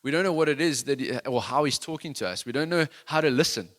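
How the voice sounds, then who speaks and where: A man's voice: a little high, lively intonation, fast, a bit bright. A man preaching a sermon in an earnest, conversational, self-deprecating way, with many restarts. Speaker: worship leader giving a sermon.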